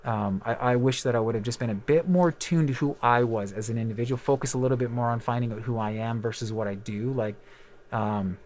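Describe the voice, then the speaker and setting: A man's voice: medium pitch, fairly even intonation, a little fast, darkish tone. A man in his thirties, a podcast host and musician, chatting casually and telling rambling, candid stories full of fillers and the odd swear word. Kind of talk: casual chat.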